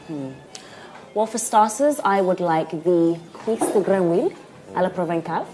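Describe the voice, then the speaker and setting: A woman's voice: deep voice, fairly even intonation, unhurried, music in the background. An actress playing a refined woman from London who orders showily in French in a restaurant comedy sketch. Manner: refined, affected.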